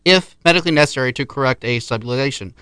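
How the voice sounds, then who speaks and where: A man's voice: mid-range voice, rapid-fire, bright, forceful tone, smooth, no echo. A man hosting a casual interview, upbeat and chatty, explaining insurance coverage. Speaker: podcast host, insurance agent.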